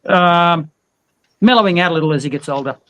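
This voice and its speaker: A man's voice: a little high, fairly quick, bright, forceful tone, a little hiss or hum, poor audio. A man chatting casually on a livestream, easygoing and a little hesitant. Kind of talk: casual live chat.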